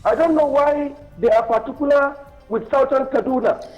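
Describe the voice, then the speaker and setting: Emphatic Nigerian male phone-in guest, high-pitched, lo-fi line. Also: normal speed. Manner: emphatic, insistent. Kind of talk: news talk show interview. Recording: muffled phone line with music.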